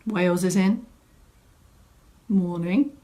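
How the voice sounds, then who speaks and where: A woman's voice: fairly low pitch, slow pace, warm tone. A woman fitness instructor, chatting and greeting viewers by name at the start of a live online exercise class from a home room. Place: home room set up as studio.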